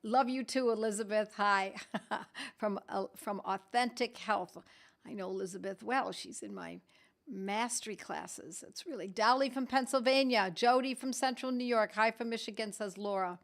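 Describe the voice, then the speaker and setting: A woman's voice: on the high side, moderate pace. Chatty woman hosting a live stream. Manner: chatty, reads out viewer comments with laughs. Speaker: host of a weekly live stream. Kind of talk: casual live-stream greetings.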